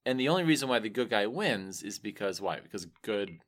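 A man's voice: lowish voice, sing-song, a little fast. A man chatting casually as podcast co-host, agreeing and eagerly chiming in. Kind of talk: casual chat.

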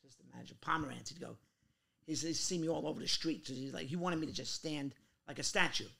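A middle-aged man from Queens, telling animated stories in a casual interview and acting out other people's voices. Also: a little high, fast talker, vocal fry. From Queens, New York. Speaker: guest actor.

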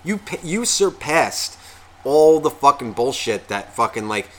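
A man's voice: medium pitch, sing-song, measured pace. A man co-hosting a podcast in casual chat, rambling with lots of swearing and fillers. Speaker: podcast co-host.

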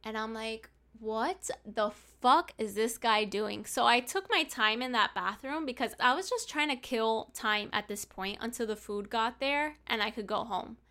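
A woman's voice: a little high, moderate pace, few pauses, sharp tone. A young woman casually telling a story to her viewers, swearing freely and acting out what each person said. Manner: profane, chatty, acts out quoted lines. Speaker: storyteller vlogger.

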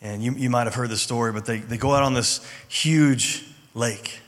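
A man's voice: mid-range voice, steady tone, normal speed. A man preaching a sermon in a casual, conversational way, then leading a prayer. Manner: conversational, informal preaching with fillers. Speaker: pastor. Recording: hall reverb with music behind. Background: soft music.

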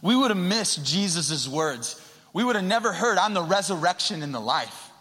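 A man preaching a sermon into a handheld mic, conversational and swinging from quiet to loud. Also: sits high, sing-song, normal speed, husky. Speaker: pastor. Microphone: handheld microphone. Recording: long hall reverb.

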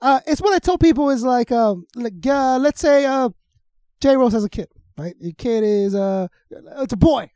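A man's voice: extremely high pitch, moderate pace, dark tone, no echo, clean studio sound. A man hosting a podcast, bantering with loose, profane jokes and laughter. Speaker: podcast host. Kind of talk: casual chat.

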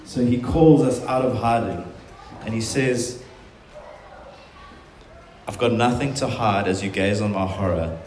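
A man's voice: lowish voice, measured pace, long pauses, a little mellow, soft background music. A man preaching a sermon, earnest and emphatic, often voicing quotations in a stronger tone. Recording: very echoey room.

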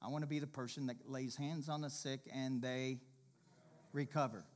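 A man preaching a sermon as pastor, swinging from impassioned loud passages to hushed, quiet ones. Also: mid-range voice, fairly even intonation, moderate pace.

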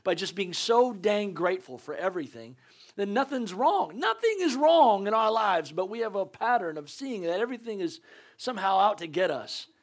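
A man's voice: high voice, sing-song, normal speed. A man preaching a conversational sermon as a pastor, earnest and urging, repeating his points with joking asides.

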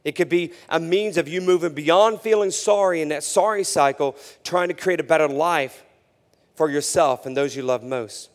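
A man preaching a sermon as pastor, conversational with frequent fillers and self-corrections, swinging between loud emphasis and hushed delivery. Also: a little high, normal speed, long reverb tail.

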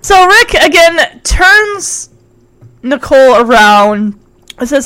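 A woman casually recapping a TV episode, giggly and animated, acting out the lines. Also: high-pitched, slow pace, low-quality recording. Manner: giggly, animated, acts out quotes. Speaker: recap host.

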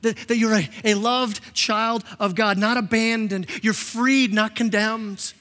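A man preaching a sermon as pastor, impassioned, often repeating words and acting out quotes in a softer voice. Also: high voice, steady tone, a little slow. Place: church sanctuary. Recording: long reverb of a church hall.

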